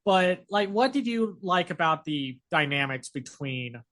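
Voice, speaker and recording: A chatty man co-hosting a podcast, his voice sitting a little high for a man. He talks in an animated, rambling way, full of fillers and quick asides. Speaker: podcast co-host. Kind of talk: casual chat.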